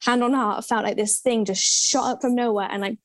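Young woman, animated storyteller in casual chat, fairly high voice, dry close sound. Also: fairly quick, no echo.

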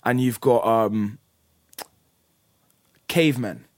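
A young man chatting casually and telling a story in a sweary, animated way. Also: lowish voice, slow, no echo, clean studio sound. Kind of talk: casual chat.

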